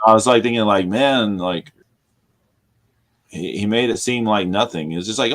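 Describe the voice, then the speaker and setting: A man co-hosting a casual podcast chat, animated and quick to laugh. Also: lowish voice. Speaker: podcast co-host.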